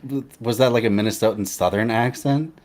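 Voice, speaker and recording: A man hosting a casual chat, talking in a relaxed, hesitant way with frequent restarts. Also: medium pitch, a little fast. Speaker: host.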